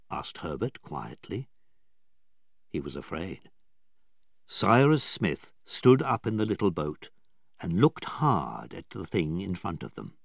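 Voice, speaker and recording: Male narrator, slow storybook reading, low voice, lively intonation, dry sound. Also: vocal fry, no room sound. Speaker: audiobook narrator.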